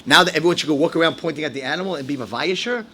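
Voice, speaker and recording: A man giving a sermon as a rabbi, animated, dropping into low asides and rising into shouted, acted-out quotes. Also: very fast, noisy background. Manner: animated, swings from low asides to shouted high-pitched outbursts, acts out quotes. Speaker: rabbi giving a Torah lecture.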